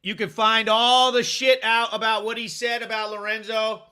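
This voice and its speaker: A man with a high, bright voice hosts a live show. He talks in a hyped, rambling, foul-mouthed way, reacting to chat and reading out fight headlines. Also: little pitch movement, normal speed. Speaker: podcast host; video editor. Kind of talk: live-stream commentary.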